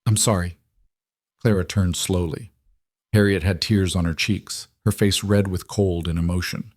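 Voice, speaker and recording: A man giving scripted, measured narration of a story. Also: low voice, fairly even intonation, dry recording, studio quality.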